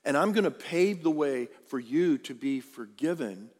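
A male pastor preaching a sermon emphatically, swinging from loud peaks down to hushed low lines. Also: lively intonation, normal speed. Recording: long hall reverb.

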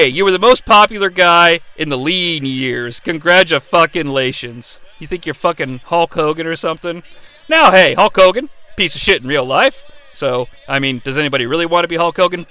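A man hosting a live watch-along of a wrestling match, calling the action in an excitable, profane way. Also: sits high, clean tone, no room sound. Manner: excitable, profane, yelling play-by-play. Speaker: host.

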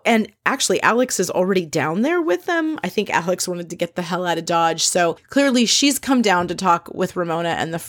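A woman's voice: lowish voice, no echo. Chatty woman recapping, dry close sound. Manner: chatty, opinionated, acts out quoted lines. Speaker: podcast host recapping a reality show. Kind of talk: casual recap commentary.

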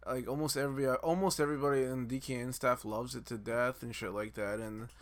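A man's voice: medium pitch, fairly even intonation, quick pace. A young man on a podcast, talking in an easygoing, rambling way with his friends. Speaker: podcast co-host. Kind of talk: casual chat.

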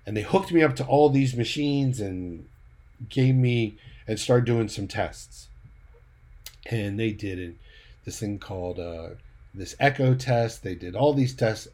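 A man's voice: lowish voice, a little slow, mellow. A man casually recounting a personal story, retelling the dialogue in a conversational way with the odd light laugh. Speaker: church leader giving a personal update.

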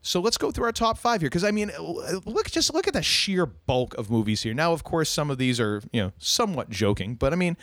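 A man talks through a casual podcast with a lively, swooping delivery, leaning into jokes and rambling side stories. His voice sits in a middle range and sounds close and dry, with no room around it. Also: a little high, fairly quick, hardly any pauses, no echo. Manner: animated, joking, rambling with asides. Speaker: podcast co-host.

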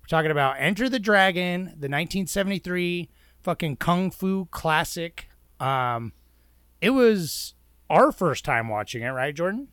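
A man's voice: on the high side, lively intonation, normal speed, a bit bright, smooth, no echo, studio quality. A man hosting a casual movie-review podcast, loose and joking, with frequent swearing. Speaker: podcast host.

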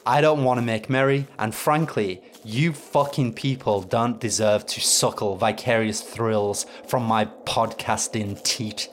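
A man with an English accent hosting a podcast, delivering a bitter, deadpan comic monologue. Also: mid-range voice, measured pace, few pauses, a little hiss or hum. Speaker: podcast host. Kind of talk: sardonic comedic monologue.

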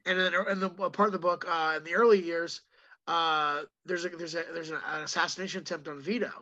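Bright-voiced man telling lively stories. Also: fairly high pitch, muffled recording. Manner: animated storyteller, breaks into quick impressions. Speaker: comedian guest. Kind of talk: casual podcast chat.

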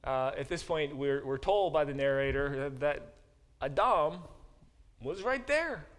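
A man's voice: a little high, animated, a little slow. A male professor teaching a Bible class, lecturing with many fillers and restarts and reading verses aloud. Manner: reads verses aloud and explains them.

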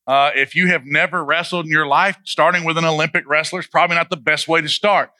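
Bright-voiced casual preacher man. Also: on the high side, steady tone, fast, no echo. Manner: casual, humorous, asks the audience questions. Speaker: pastor. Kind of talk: sermon, conversational storytelling.

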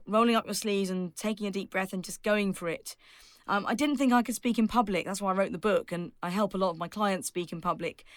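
Lively woman coaching on speaking. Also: lowish voice, dry recording, clean studio sound. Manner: lively, laughing often, emphatic advice. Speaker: public speaking coach and author. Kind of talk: podcast interview guest.

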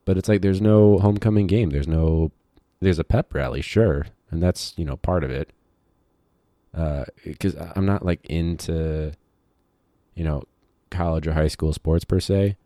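A man who teaches high school, talking in a rambling, casual podcast monologue full of fillers and digressions. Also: steady tone, unhurried, warm tone, no echo, clean studio sound.

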